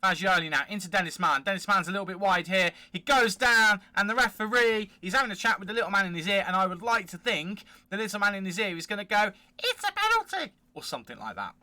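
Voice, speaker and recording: A man hosting a football management game let's play, giving chatty, excitable play-by-play commentary. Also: high-pitched, fast, few pauses, no echo. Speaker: gaming channel host.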